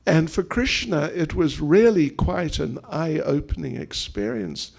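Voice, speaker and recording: A monk telling a devotional story in a sermon, animated and acting out the dialogue. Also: male voice, a little high, unhurried, vocal fry, hardly any pauses, slightly rough. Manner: animated storytelling, acts out quotes. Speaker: monk preacher.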